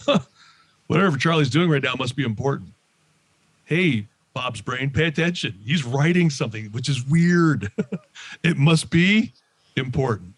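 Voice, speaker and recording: A middle-aged man giving an energetic motivational talk as a leadership trainer, acting out his own thoughts and laughing often. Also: mid-range voice, slightly rough, dry recording. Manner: animated, self-quoting, laughs often. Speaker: leadership trainer, podcast guest.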